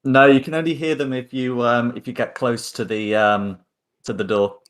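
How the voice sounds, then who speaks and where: A man's voice: medium pitch, steady tone, moderate pace. A man acting as game master, narrating hesitantly with many ums and repeated words. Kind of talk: running a tabletop game.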